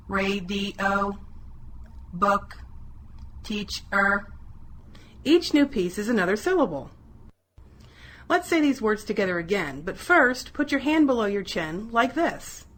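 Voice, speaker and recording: A woman narrating a scripted lesson for children, saying each example word slowly and clearly. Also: mid-range voice, a bit bright. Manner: sing-song, slow, stresses each example word. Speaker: teacher in an educational video.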